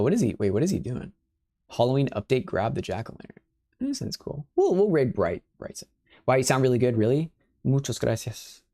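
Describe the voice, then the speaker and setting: A man's voice: mid-range voice, dark tone. A young man casually chatting and rambling on a livestream, tossing in Spanish phrases and playfully rolling his R's. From Spanish and Sicilian family background.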